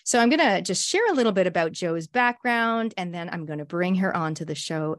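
A woman's voice: lowish voice, expressive, brisk. A woman hosting an interview show, talking with effusive, gushing enthusiasm. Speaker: show host.

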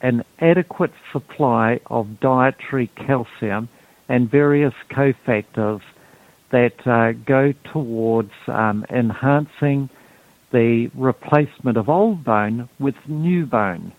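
A man talks through a health topic, pausing often with ums and restarting his sentences. He speaks slowly, and his voice comes through a narrow, tinny phone line with a dry sound. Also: medium pitch, dry recording. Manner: halting, many ums and restarts. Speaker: health guest explaining detox. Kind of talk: explanatory talk.

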